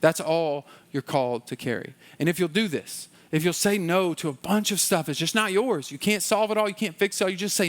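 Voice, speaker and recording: A man preaching a conversational sermon in a church, with quick acted asides and dropping to a low, soft voice in prayer. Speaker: pastor.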